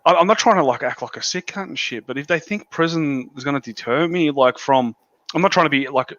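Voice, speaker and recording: A man's voice: fairly high pitch, brisk, a bit bright, no echo, dull audio. A young Australian man from Melbourne's northern suburbs, chatting bluntly and swearing often over a video call. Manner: blunt and sweary, laughs at his own story. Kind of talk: casual chat.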